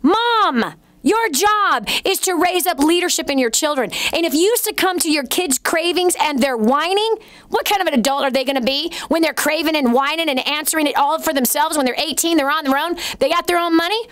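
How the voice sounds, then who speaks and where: A woman's voice: sits high, fairly quick, fairly bright tone, dry recording. A middle-aged woman hosting an advice show, blunt and teasing as she coaches a caller. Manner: blunt, teasing, storytelling with acted quotes. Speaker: show host giving advice.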